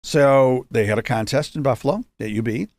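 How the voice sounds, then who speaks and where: A Rochester, New York entrepreneur in his fifties, appearing as a guest, tells his story casually, joking and drifting into lots of asides. His voice is mid-range and brisk, and there's no room sound.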